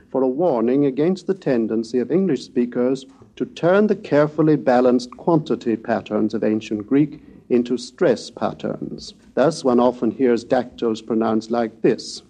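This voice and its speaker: Mellow-voiced older man lecturing. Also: medium pitch, gravelly, husky. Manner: measured, scholarly delivery; slow, chanted reading of Greek verse. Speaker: lecturer on ancient Greek pronunciation. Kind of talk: recorded lecture with recitation.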